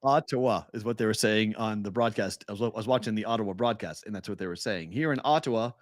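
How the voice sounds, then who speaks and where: A man co-hosting a sports betting podcast in casual chat, animated and laughing as he retells games. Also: on the low side, quick pace, dry recording, clean studio sound.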